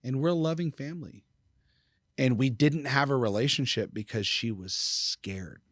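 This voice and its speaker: A man's voice: medium pitch, moderate pace, fairly bright tone, dry recording, studio quality. A middle-aged man speaking as a podcast guest, telling stories in a candid, casual way, swearing freely and acting out quoted dialogue. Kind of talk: casual storytelling.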